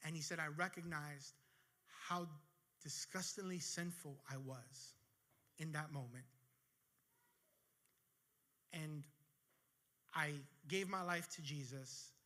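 Man, pastor, sermon, bright forceful voice, slightly high pitch, storytelling. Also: steady tone, slow, long pauses. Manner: storytelling, building intensity toward the close.

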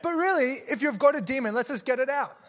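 A man's voice: very high-pitched, quick pace, crowd noise, background noise. A man preaching in a church service, telling a story and acting out the people in it with gasps and laughs. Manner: animated, acts out quotes with gasps and laughs. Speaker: guest preacher. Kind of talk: sermon storytelling.

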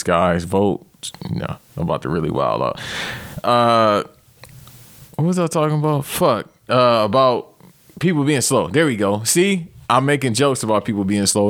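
Thirtysomething guy ranting on his podcast, swears a lot, kinda low voice, dead dry sound. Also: no room sound. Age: 30s. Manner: profane, rambling, animated outbursts. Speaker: podcast host. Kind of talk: comedic rant.

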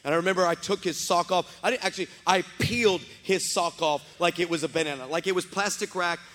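A man preaching an energetic storytelling sermon as pastor, animated, with comic asides and shouted peaks. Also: high-pitched, fast, soft background music. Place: large church sanctuary. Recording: long church hall reverb.

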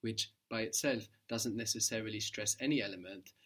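Guy teaching a language class, calm step by step, kinda low voice. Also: fairly quick. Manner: patient, explains step by step and prompts answers. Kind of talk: guided language lesson.

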